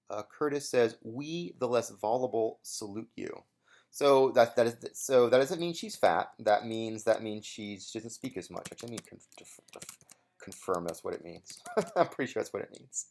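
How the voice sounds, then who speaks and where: A man's voice: mid-range voice, a little mellow. A young man giving casual solo commentary on an episode he once competed in, rambling and hesitant with many fillers and restarts.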